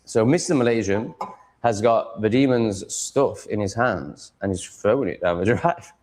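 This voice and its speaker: A man with an English accent rants to his livestream audience from a home room with cats, blunt and profane in casual chat. His voice sits on the low side, darkish in tone, at a normal speed.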